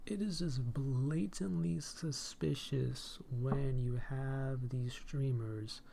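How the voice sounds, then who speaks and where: A man's voice: mid-range voice, takes it slowly, gravelly, warm tone, slight background noise. A man hosting a live stream and podcast in casual chat, effusive, often repeating "hey" and "my dude" and laughing between phrases.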